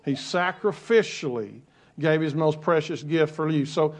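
A man's voice: fairly high pitch, lively intonation, normal speed. A male pastor preaching a sermon in a conversational way, repeating key phrases and adding light asides.

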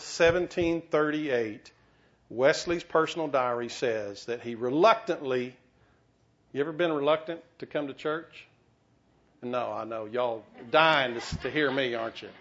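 A man preaching a sermon as pastor, conversational, with restarts and teasing asides. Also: mid-range voice. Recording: dull lo-fi recording.

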